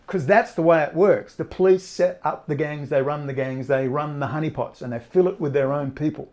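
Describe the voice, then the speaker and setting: A man's voice: a little high, fairly quick, a little mellow. Ranting man. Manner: ranting, emphatic, with repeated phrases. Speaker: online commentator. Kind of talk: direct-to-camera monologue.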